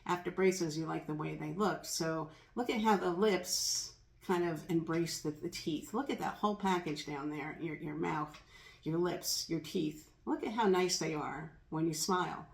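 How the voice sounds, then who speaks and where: A woman's voice: low-pitched, measured pace, gravelly. A middle-aged woman sharing a personal story in an earnest, reflective monologue, repeating kind words she says to herself. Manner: earnest, reflective, speaks lines to herself aloud. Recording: echoey room.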